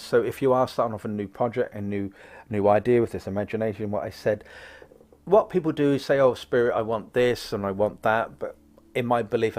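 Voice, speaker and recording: A man doing casual card readings for viewers, chatty and prone to wandering off into jokes. His voice sits at an ordinary middle pitch, and he talks in a loose, friendly ramble. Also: darkish tone. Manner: rambling, jokey, goes off on tangents. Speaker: psychic card reader, host.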